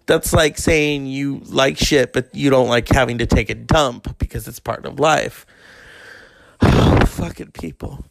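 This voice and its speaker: A man's voice: fairly even intonation, measured pace, creaky, dry recording. A man in his forties rambling and ranting in a profane monologue, often swearing and mocking people. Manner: ranting, swearing, mocking others in high put-on voices.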